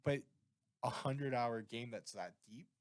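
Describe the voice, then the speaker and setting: Speaking a little slowly in a mid-range voice, a Canadian co-host rambles through casual podcast conversation, animated and prone to tangents. The sound is studio quality, without echo.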